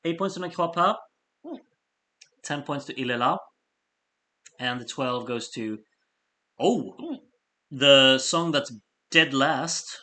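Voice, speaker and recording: A man hosting a live stream of fan votes, reading out scores in a chatty, apologetic way while he has the hiccups and keeps clearing his throat. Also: mid-range voice, expressive, takes it slowly, pauses often, bright, forceful tone. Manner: chatty, apologetic asides between score readouts. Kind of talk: casual live-stream commentary.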